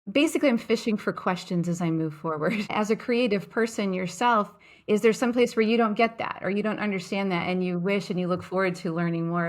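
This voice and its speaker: An upbeat woman hosts a podcast interview, speaking with gushing, emphatic enthusiasm. Her voice comes through a video-call connection. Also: on the low side. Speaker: podcast host.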